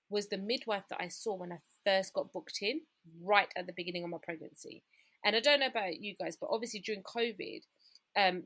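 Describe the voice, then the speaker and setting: A woman's voice: medium pitch, a bit bright. A British woman in her thirties, a podcast guest candidly recounting a personal story and often quoting what people said. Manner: candid, retells scenes by quoting people, frequent "like".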